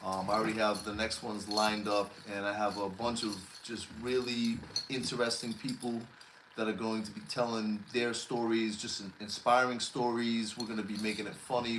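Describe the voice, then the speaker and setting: A man's voice: on the low side, echoey room, slight background noise, low-quality recording. Jokey male livestream host. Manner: jokey, excitable shout-outs to viewers. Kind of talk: casual livestream chat.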